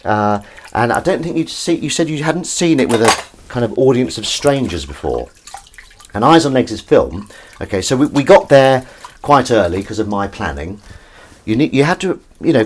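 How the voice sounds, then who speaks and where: A man hosts a live stream from his kitchen sink, chatting and rambling with his viewers. His pitch rises and falls freely, and his pitch sits in a medium register. Faint noise of dripping water stays in the background. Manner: rambling, chatty, reads out and answers chat. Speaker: livestream host. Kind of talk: casual live-stream chat.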